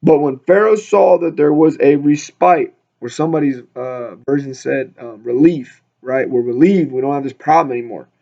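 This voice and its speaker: Gravelly man leading casual Bible study. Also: a little high, moderate pace, hardly any pauses, mellow. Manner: chatty, reads scripture then riffs with humor. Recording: dull lo-fi recording.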